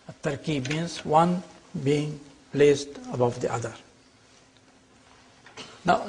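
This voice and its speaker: Guy teaching grammar, gravelly voice, takes his time. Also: high voice. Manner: slow, explanatory, checks on students. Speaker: Arabic teacher. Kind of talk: classroom lecture.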